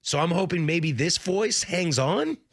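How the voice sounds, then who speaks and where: A man's voice: high voice, expressive, unhurried, fairly bright tone, no room sound, studio quality. A young man hosting a sports radio show, chatting casually and jokingly with his co-host. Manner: laid-back, jokey banter. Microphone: studio microphone.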